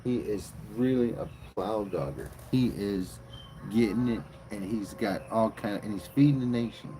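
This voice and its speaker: A man streaming live, retelling a bible story as comedy in a profane, slangy, animated way. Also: fairly low pitch, moderate pace, slight background noise, low-quality recording.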